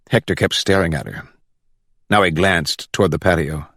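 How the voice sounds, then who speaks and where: A man narrating a crime novel as an audiobook, with an expressive reading. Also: deep voice, normal speed, no echo, studio quality. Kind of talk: scripted narration.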